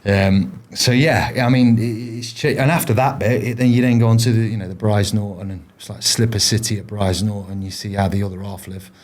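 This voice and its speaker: A man's voice: fairly low pitch, fairly even intonation, brisk, hardly any pauses, darkish tone. A man, a former paratrooper, telling his stories in a casual interview, rambling with frequent restarts and fillers. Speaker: podcast guest, former paratrooper.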